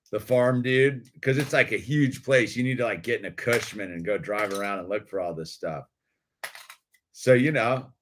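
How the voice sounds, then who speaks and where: A man's voice: mid-range voice, background noise. A middle-aged man telling a rambling story in laid-back slang, calling everyone dude and laughing often. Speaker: video creator.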